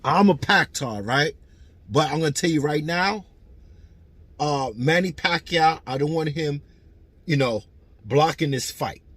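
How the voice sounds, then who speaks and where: A man with a husky, slightly high voice giving frank commentary on a clip. He sounds dry and close, talking matter-of-factly. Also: animated, measured pace, long pauses, a bit bright, no room sound. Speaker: channel host.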